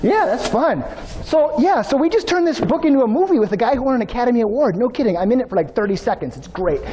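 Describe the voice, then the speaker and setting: A man giving an energetic motivational keynote, telling stories and speaking straight to the audience. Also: extremely high pitch, fast, a little hiss or hum. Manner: energetic, storytelling, addresses audience directly.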